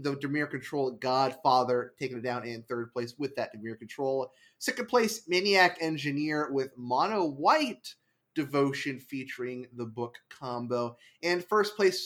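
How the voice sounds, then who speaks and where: A man hosting a casual card game podcast, animated, laughing often and quickly correcting himself. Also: mid-range voice. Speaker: podcast host. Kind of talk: casual chat about card game results.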